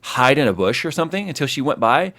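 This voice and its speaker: A man hosting a casual livestream chat, telling stories in an animated way and acting out the scenes. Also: mid-range voice, fast. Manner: animated storyteller who acts out scenes. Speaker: host.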